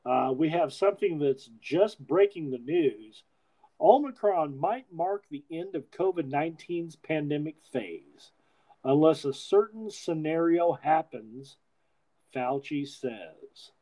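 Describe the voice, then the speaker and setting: A man chatting casually as a podcast host, wandering through his thoughts with plenty of restarts. He swears freely, and his voice sits somewhat high for a man. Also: lively intonation, takes it slowly, warm tone, poor audio. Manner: rambling, profane, frequent restarts. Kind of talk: casual chat.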